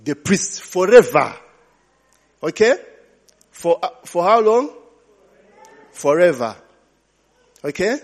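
Slow husky pastor preaching. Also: male voice, high voice, big pitch swings. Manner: call-and-response, repeating hallelujah and glory be to God. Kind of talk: sermon. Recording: long hall reverb.

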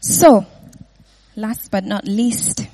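A woman's voice: medium pitch, very slow, warm tone. A woman giving an informal Bible teaching, often laughing and checking in with her listeners with "yeah?" and "right?".

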